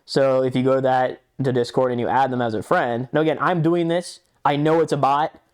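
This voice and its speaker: A man's voice: mid-range voice, fairly even intonation, brisk, darkish tone, smooth. A young man co-hosting a podcast in casual chat, telling a rambling story, acting out chat messages and swearing often. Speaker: podcast co-host.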